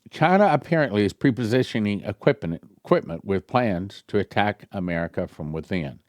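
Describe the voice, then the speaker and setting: A male pastor reading a prophecy aloud to his congregation and commenting on it, growing louder on the quoted passages and musing in the asides. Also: fairly low pitch, fairly quick, hardly any pauses, no room sound, studio quality. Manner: animated, rising loud when reading quotes, musing asides.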